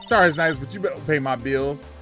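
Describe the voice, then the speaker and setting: Man putting on a brash southern country woman, loud feisty drawl, game music behind. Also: a little high, quick pace, lightly acted. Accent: American Southern.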